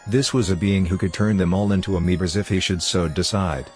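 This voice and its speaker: A man narrating a story in a steady, measured scripted reading. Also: sits low, soft background music. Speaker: audiobook narrator.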